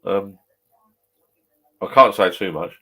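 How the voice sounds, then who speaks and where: Bloke, fifties, low voice, a few beers in, rambling sweary chat in his pub shed. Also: takes it slowly, sharp tone. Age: 50s. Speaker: vlogger.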